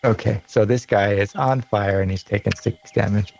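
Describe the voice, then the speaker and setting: A man narrating as game master of a tabletop game, rambling with frequent pauses and restarts. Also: lowish voice, steady tone, creaky, darkish tone, faint music behind, rough recording.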